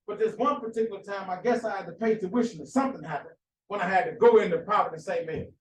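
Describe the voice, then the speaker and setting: A male preacher delivers a fiery sermon in a fairly high voice. He presses his points with rhetorical questions and repeated phrases. The sound is echoey and set back from the mic, with a faint room hum behind him. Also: fast talker, recorded from a distance.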